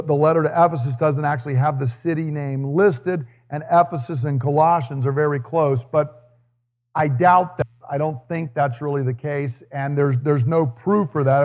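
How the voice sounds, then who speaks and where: A man with a fairly high voice preaches a sermon, reading scripture and then explaining it in an earnest, teaching manner. Light humor slips into his delivery. The recording carries the long reverb of a large hall. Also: darkish tone. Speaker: pastor.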